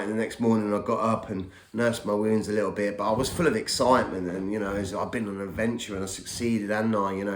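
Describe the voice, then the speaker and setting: A man, hosting a podcast and recounting a personal story in a rambling way, often repeating words as he remembers. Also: lowish voice. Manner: rambling, repeats words while recalling events. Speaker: podcast host. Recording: roomy echo.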